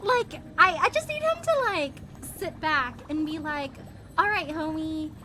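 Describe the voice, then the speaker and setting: A woman's voice: very high voice, very animated, unhurried, pushed and bright. A woman streamer chatting casually with her live chat, bubbly and giggly, greeting viewers by name, her voice still recovering from strain. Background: game music.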